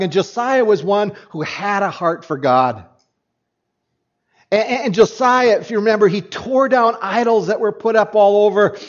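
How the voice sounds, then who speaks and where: A man with a high, light voice preaches an animated sermon from the pulpit, stumbling and restarting as he works through a passage. The recording sounds dull and lo-fi. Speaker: pastor.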